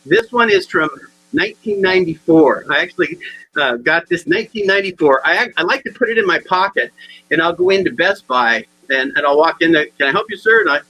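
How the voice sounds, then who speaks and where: A man's voice: fairly high pitch, animated, a little fast, bright, forceful tone, rough recording. A man giving a humorous motivational talk, telling stories and acting out the people in them, with frequent stammered restarts. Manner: storytelling with acted-out quotes and repeated punchlines. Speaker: motivational speaker.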